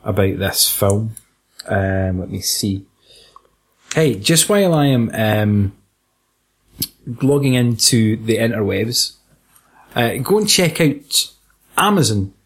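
A man's voice: lowish voice, lively intonation, slow pace, pauses often, breathy edge. A man with a Scottish accent, co-hosting a casual film podcast, swearing and laughing through jokey banter. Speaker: podcast co-host.

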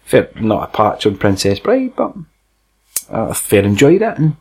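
A man's voice: on the low side, huge pitch swings, unhurried, breathy edge. A man with a Scottish accent, chatting casually about a film as a podcast co-host. He swears freely and laughs often.

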